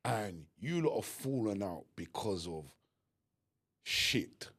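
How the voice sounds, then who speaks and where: A man co-hosting a podcast, talking earnestly and emphatically with halting restarts. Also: lowish voice, big pitch swings, darkish tone. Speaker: podcast co-host. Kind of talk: candid conversation.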